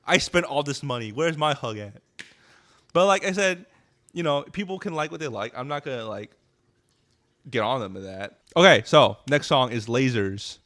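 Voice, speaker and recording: Brief: mocking male streamer reacting to music, blunt and profane, mid-pitched voice. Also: moderate pace, a bit bright.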